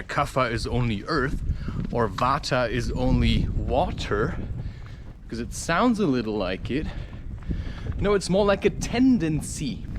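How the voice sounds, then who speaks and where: A man's voice: fairly high pitch, slight background noise. A man rambling through a spiritual monologue outdoors, laughing at his own points and acting out quoted voices. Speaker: spiritual talker. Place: outdoors, walking or climbing.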